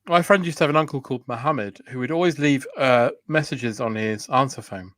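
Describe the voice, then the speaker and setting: A man's voice: mid-range voice, fairly quick, a bit bright, no echo, clean studio sound. A man co-hosting a casual comedy chat, telling playful anecdotes and putting on quoted voices. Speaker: co-host.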